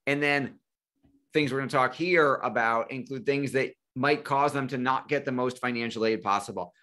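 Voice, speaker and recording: A man's voice: mid-range voice, normal speed, pushed and bright. A man in his forties hosting a live financial webinar, telling a personal story and acting out phone calls with family.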